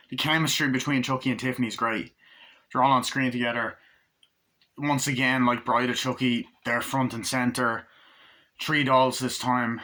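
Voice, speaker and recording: Bright-voiced man rambling through a review. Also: medium pitch. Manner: rambling, excitable, swears freely. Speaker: movie reviewer. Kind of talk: casual spoken movie review.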